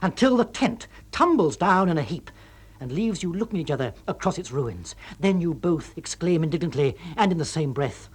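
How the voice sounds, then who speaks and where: A man's voice: fairly high pitch, big pitch swings, normal speed, husky. A man giving a wry, comic reading of a story aloud.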